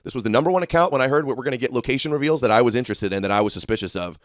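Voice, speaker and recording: A man's voice: mid-range voice, expressive, very fast, dry recording, studio quality. A man hosting a livestream, ranting in a combative, sarcastic and mocking way as he reads through posts and answers viewers. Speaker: livestream host.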